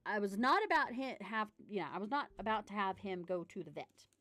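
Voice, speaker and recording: A woman's voice: medium pitch, brisk, dry recording. Woman, chatty vlogger, dry close sound, faint music underneath. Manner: chatty storyteller, gets loud and excited. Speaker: model horse collector vlogger. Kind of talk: casual chat while unboxing.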